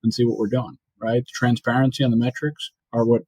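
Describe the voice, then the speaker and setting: Husky-voiced New York man, chatty guest. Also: mid-range voice, level tone, brisk, a little mellow, low-quality recording. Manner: chatty, often ends points with "right?". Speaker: podcast guest, industry executive. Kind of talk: casual interview talk.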